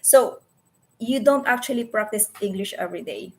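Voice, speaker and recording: Speaking at normal speed with a medium-pitched, somewhat dark voice, this woman from the Philippines runs a casual livestream from her computer. In her forties, with Tagalog as her first language and a Filipino accent, she's earnest and often stops to hunt for words or fix what she said.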